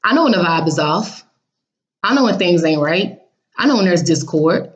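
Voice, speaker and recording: A woman's voice: lowish voice, expressive, normal speed. A woman casually telling her viewers about a dream, blunt and sassy, acting out what people said in raised voices. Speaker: vlogger recounting a dream.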